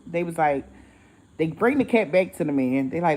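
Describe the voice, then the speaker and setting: Animated woman telling a story. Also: low-pitched, fairly quick, slight background noise, low-quality recording. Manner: animated, acts out voices in quotes, swears freely. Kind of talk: casual storytelling to viewers.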